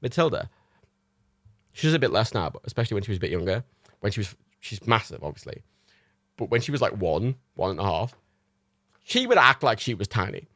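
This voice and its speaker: A man's voice: on the low side, sing-song, a little fast, pauses often, a bit bright, no echo, clean studio sound. A young man hosting a livestream, chatting in a casual storytelling way, laughing often and swearing casually. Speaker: livestream host.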